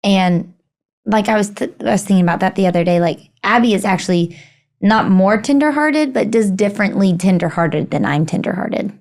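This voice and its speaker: A woman's voice: mid-range voice, expressive, a little fast, vocal fry, a little mellow. A young adult woman co-hosting a podcast, bubbly and chatty as she reads out listener questions. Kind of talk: casual chat.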